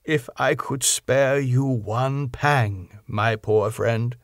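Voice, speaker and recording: A man voicing a grave elderly professor who speaks in a solemn, measured, formal way, for an audiobook. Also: medium pitch, very animated, slightly rough, dry recording, studio quality, voice pushed up.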